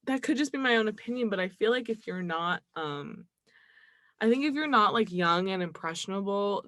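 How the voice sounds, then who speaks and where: Lively young woman co-hosting a chat podcast. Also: on the low side, dry recording, clean studio sound. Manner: animated, laughs often, acts out quotes. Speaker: podcast co-host. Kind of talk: casual chat.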